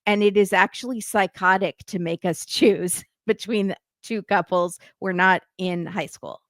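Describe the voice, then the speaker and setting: A woman's voice: medium pitch, unhurried, no echo, studio quality. A woman guest recapping a reality TV episode in casual chat, telling it animatedly and acting out what people said. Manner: animated storytelling, acting out quotes. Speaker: podcast guest.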